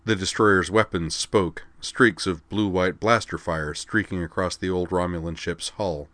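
A man narrating a sci-fi audiobook in an even, measured reading. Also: low-pitched, no echo.

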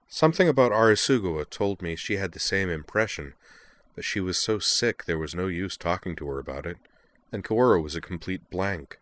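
A man reading a story aloud, voicing a troubled young man quietly recounting memories he half lost. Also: low-pitched.

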